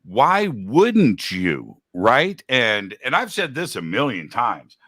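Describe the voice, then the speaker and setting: A man's voice: medium pitch, huge pitch swings, slow, a bit bright, no room sound, clean studio sound. A man talking as a guest host in a casual chat, rambling and laid-back, with a slangy manner.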